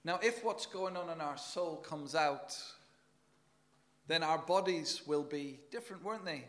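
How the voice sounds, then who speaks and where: High-voiced earnest male preacher. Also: unhurried, a bit bright. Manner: earnest, emphatic, repeats words as he goes. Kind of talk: sermon.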